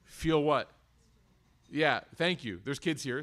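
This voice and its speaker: A man in his thirties giving a lecture to a live audience, animated and storytelling, joking with the crowd. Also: on the high side, moderate pace. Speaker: speaker at an Islamic institute.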